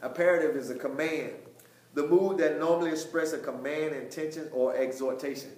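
A man teaching a Bible study, emphatic, often repeating words, with loud stressed points and quieter asides. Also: fairly high pitch, steady tone, fairly quick. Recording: echoey room.

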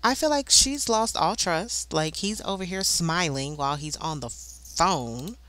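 A woman hosting a life-simulation game let's play, chatting casually and voicing the characters in quick asides. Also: on the low side, expressive, a bit bright, no room sound. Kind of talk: casual gameplay commentary.

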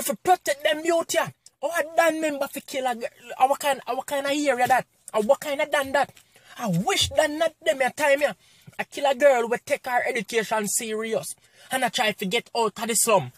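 A Jamaican man with a strikingly high-pitched voice vents in a heated, preachy commentary. He hammers his points with repeated rhetorical questions. The sound is dry and close, with no room around it. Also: dry recording. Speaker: online commentator. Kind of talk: impassioned commentary rant.

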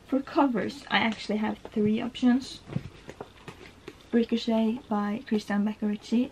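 Brief: young female book vlogger from Norway, higher voice, effusive, faint room hum. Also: dark tone, poor audio. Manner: gushing, emotional, rambling with many "like"s. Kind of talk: casual book tag vlog.

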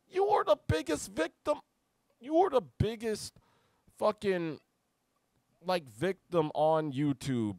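A man's voice: a little high, no room sound. A man delivering a heated, profane reaction rant as a YouTube commentator. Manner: heated, profane, shouty outbursts.

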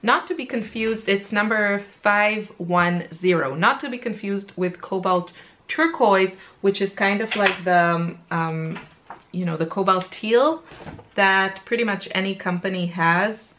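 A woman's voice: mid-range voice, a little slow, a bit bright, a little hiss or hum. A woman chatting casually about her favorite paints, enthusiastic and full of ums, often repeating her praise. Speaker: art supply reviewer. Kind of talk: laid-back chatty product talk.

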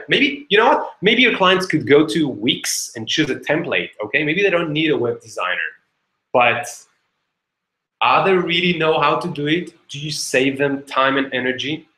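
A man's voice: a little high, pushed and bright, reverberant, rough recording. A man teaching an online webinar in a chatty way, full of fillers and "okay?" check-ins. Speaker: webinar teacher, company co-founder.

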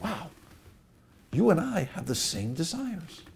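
A man's voice: sits high, big pitch swings, takes it slowly, gravelly, slightly rough, voice pushed up, exaggerated voice. A man voicing a sly, persuasive male serpent who tempts with coaxing rhetorical questions.

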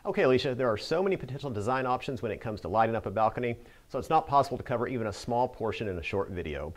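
A man's voice: medium pitch, expressive, racing. A man narrating a scripted how-to as a Christmas lighting expert answering a viewer question, with an upbeat instructional delivery.

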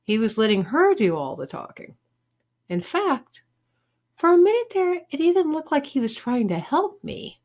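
A woman teacher reading a children's chapter book aloud with expressive storytelling. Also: high voice, normal speed.

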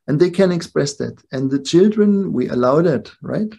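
A man's voice: on the high side, expressive, slow, vocal fry, warm tone, husky, lo-fi sound. An older man giving a reflective spiritual talk to a live group, often checking in with his listeners. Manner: reflective, keeps checking in with "yeah?" and "no?". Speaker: spiritual teacher.

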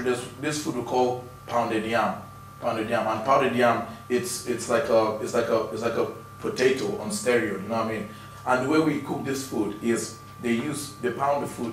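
A man from Africa, a stand-up comedian talking loosely and in an animated way about his comedy. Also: mid-range voice, a little hiss or hum. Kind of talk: casual interview talk.

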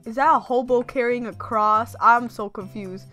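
A woman commentating her own gameplay, reacting loudly and giggling, sometimes voicing the characters. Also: a little high, normal speed, faint music behind. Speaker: gamer. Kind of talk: let's play commentary.

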